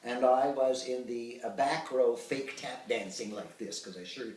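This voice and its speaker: A man in his sixties, an actor telling expressive anecdotes with hesitant fillers in an interview. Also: mid-range voice, measured pace. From Ottawa, Canada. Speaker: actor and puppeteer, interview guest. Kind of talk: reminiscing interview. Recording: roomy sound, distant from the mic.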